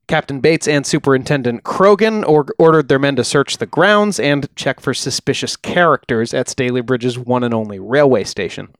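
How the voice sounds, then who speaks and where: A man co-hosting a podcast, recounting a true-crime case in a relaxed, chatty way with frequent ums. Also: medium pitch, moderate pace, few pauses, no room sound, clean studio sound. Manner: relaxed, uses fillers like uh and um. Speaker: podcast co-host. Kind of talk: casual true-crime storytelling.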